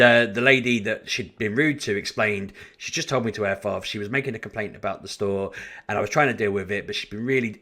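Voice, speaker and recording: A man telling a story in a casual vlog, in an animated, chatty way with frequent restarts. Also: fairly low pitch. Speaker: vlogger.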